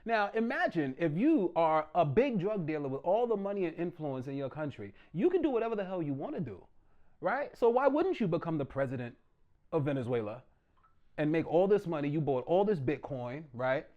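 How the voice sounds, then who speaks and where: High-voiced guy doing standup in a small room, all over the place pitch-wise, loud and playful. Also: a little fast, highs cut off. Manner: loud, animated, swings into mock voices. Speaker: stand-up comedian. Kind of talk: stand-up comedy set. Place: small comedy room with live audience.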